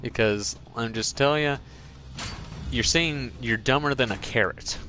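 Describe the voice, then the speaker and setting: A man's voice: medium pitch, measured pace, pushed and bright, slight background noise. A man hosting a gaming channel, chatting casually while he plays and drifting from one joking tangent to the next. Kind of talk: casual commentary while playing a game.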